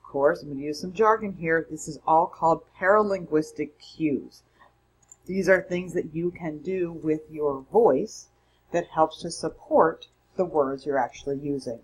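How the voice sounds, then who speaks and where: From home, a college public speaking instructor gives a recorded mini-lecture in a conversational, emphatic style, correcting herself as she goes. Her voice is low and slightly rough, and the audio quality is poor.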